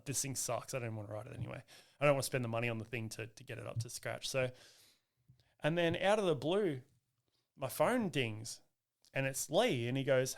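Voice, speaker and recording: A man, a guest on a podcast, telling stories in a lively, casual way with many restarts. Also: medium pitch, brisk, creaky. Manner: lively, acts out quoted voices, frequent restarts. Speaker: guest, motocross riding coach. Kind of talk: casual storytelling in a podcast chat.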